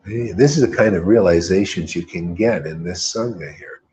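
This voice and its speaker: A man's voice: low-pitched, normal speed, a little mellow, slightly rough. A man leading a devotional group, giving an informal spiritual talk full of emphatic repetition and rhetorical questions.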